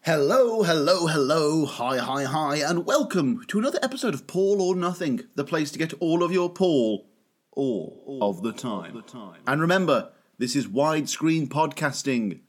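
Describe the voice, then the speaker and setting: A man's voice: on the high side, very animated, normal speed. A man hosting a podcast, opening the episode in a playful, sing-song, jokey way. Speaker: podcast host. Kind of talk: casual podcast intro.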